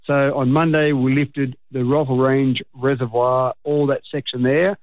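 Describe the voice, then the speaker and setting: A man's voice: medium pitch, level tone, a little slow, no room sound. A man with an Australian accent, a mayor chatting casually on a radio show by phone, joking and poking fun at himself. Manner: jokey, chatty, self-mocking. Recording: tinny phone line.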